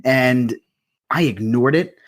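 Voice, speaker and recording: A man's voice: medium pitch, slow. A young man co-hosting a podcast, telling stories in a loose, profane, laughing way. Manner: profane, storytelling, laughs often. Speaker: podcast co-host. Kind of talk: casual chat.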